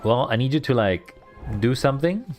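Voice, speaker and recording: A man streaming a game, chatting and reacting out loud while he plays. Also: medium pitch, lively intonation, moderate pace. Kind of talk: gameplay commentary. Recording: faint guitar music behind.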